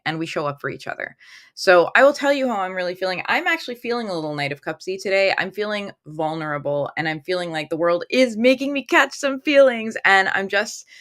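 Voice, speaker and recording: A woman's voice: on the low side, fairly bright tone. A woman hosting a casual tarot livestream from a room at home, talking into her phone, chatty and upbeat as she reads viewer comments aloud.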